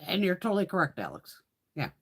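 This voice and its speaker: A woman's voice: fairly low pitch, wildly swooping pitch, fast talker, husky. A middle-aged woman hosting a beauty livestream, chatting casually with viewers, laughing often and swearing freely.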